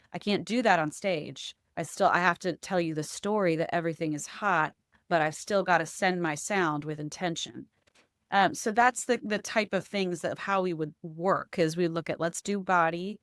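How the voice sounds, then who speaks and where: Low-voiced woman voice coach explaining. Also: no room sound, studio quality. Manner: explanatory, often adds "right?". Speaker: voice and accent coach. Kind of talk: conversational interview.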